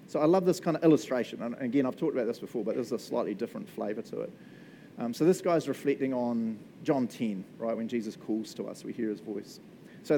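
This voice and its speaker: A man gives a casual Bible talk, his voice mellow and warm. He keeps a relaxed, conversational rhythm, often tagging lines with a questioning "right?". A faint rumble hums beneath the recording. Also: low-quality recording. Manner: chatty and relaxed, frequent "right?" and laughs. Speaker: pastor.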